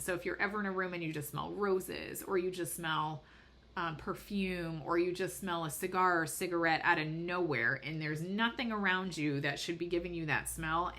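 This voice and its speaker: A woman talks through spiritual ideas as a podcast host. Her voice sits a little low yet sounds bright and forceful, with earnest, rambling explanations full of fillers. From Boston. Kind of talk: casual spiritual podcast talk.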